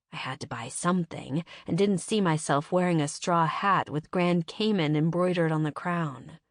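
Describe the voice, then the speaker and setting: A woman narrates an audiobook in the first person, with measured, wry storytelling. Her voice is low and unhurried, and the close studio mic sounds dry. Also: no room sound.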